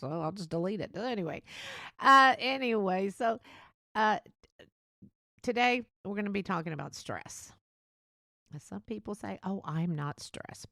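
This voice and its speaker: Woman host, solo chat podcast; quick, rambling delivery with little laughs, husky-fry lower voice. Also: sharp tone, no room sound, studio quality. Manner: fast-talking, rambling, laughs between thoughts. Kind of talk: casual solo podcast monologue.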